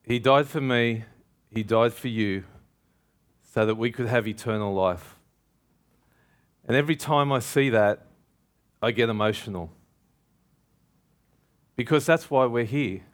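A man's voice: mid-range voice, a little slow, pauses often. Emphatic man preaching a sermon. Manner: emphatic, calls out questions to the congregation.

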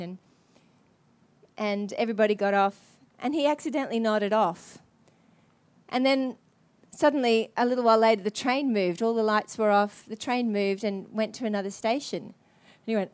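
Earnest woman preacher, fairly high voice, halting sermon storytelling. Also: a little mellow. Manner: earnest, halting, many restarts.

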